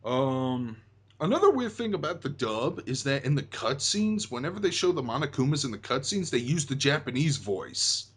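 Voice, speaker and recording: A man's voice: medium pitch, big pitch swings, normal speed, husky. A young man hosting a casual chat about a video game, rambling with many fillers and restarts. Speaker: host.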